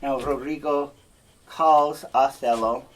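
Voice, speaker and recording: A man's voice: mid-range voice, fairly even intonation, slow pace. A male teacher giving a classroom lecture. He explains step by step and often checks in with the class.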